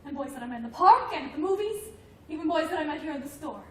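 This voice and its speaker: A woman's voice: high-pitched, expressive, very fast. An actress playing a childlike, anxious grown woman who talks earnestly and stammers when upset. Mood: pleading. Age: adult. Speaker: grandmother's grown daughter. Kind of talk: film drama acting. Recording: roomy, distant film sound, faint noise.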